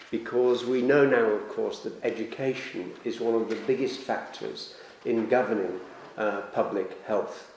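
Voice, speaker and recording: Casting note: man, somewhat low voice, earnest and emphatic conference speech, booming hall sound. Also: steady tone, unhurried, darkish tone. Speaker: conference speaker, federation president. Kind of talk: formal opening speech. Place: large lecture hall. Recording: echoey hall, faint noise.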